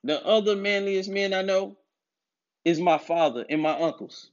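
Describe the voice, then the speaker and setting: This man's voice is high-pitched and moves at a moderate pace as he lectures straight to camera about masculinity. His tone is preachy and emphatic with frequent repetition, recorded on dull lo-fi audio.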